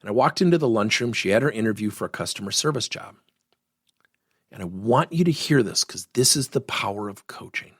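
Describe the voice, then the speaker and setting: Middle-aged man, coaching lesson, lively storyteller, husky voice, dry close sound. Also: lowish voice, brisk, dry recording. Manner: animated, acts out quoted dialogue. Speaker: workplace coaching trainer.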